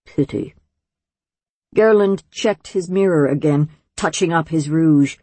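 A woman reading a fantasy novel aloud in measured, wryly storytelling audiobook narration. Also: low voice, mellow, no room sound.

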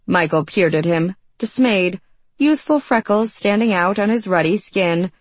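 A woman narrating a fantasy audiobook in an expressive storytelling manner. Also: on the low side, unhurried, dry recording.

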